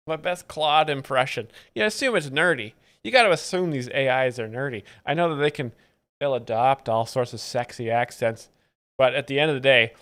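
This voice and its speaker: A man hosting a live comedy stream, giving casual, sardonic, deadpan commentary. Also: mid-range voice, a little fast, smooth.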